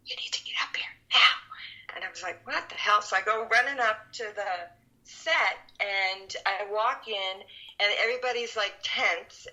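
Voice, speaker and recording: A woman's voice: mid-range voice, highs cut off. A middle-aged woman, a film production veteran, telling stories in an interview and acting out what people said. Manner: animated, acts out quotes. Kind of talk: storytelling interview.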